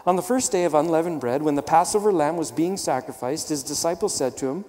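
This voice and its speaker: A man's voice: a little high, fast, a little mellow, in a large hall. A man preaching a sermon, teaching emphatically and asking rhetorical questions. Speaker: pastor.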